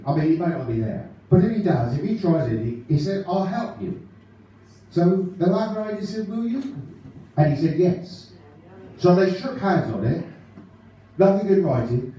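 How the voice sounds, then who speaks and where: A nervous, giggling stand-up comedian stumbles happily from joke to joke, as a man impersonates him on stage. The voice sits high and mellow. It is caught from far off in a very echoey hall. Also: lo-fi sound. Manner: nervous laughing, rambling gag delivery. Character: giggly, rambling male stand-up comedian impression. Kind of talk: live stand-up impression. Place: live concert venue.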